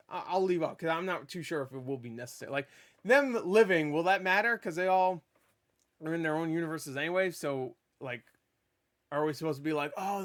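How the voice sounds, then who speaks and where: A fairly high-voiced man talks through a movie in a loose, unscripted review. He rambles, curses freely and trips over his own restarts, then bursts into excited shouts when he gets to the big moments. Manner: rambling, profane, with stammered restarts; animated and excitable. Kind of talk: casual spoiler review talk.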